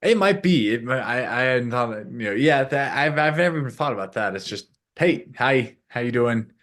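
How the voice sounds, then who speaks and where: Animated man rambling as a guest. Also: mid-range voice, normal speed. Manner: rambling, animated, acts out quoted voices. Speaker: podcast guest, coach. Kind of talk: casual interview chat.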